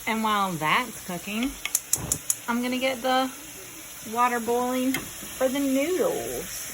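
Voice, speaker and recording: Cooking at home for her video, a woman speaks slowly in a slightly high, expressive voice. Her casual vlog chat is folksy and talkative, full of jokes to herself, over the sizzle of frying food in a noisy kitchen.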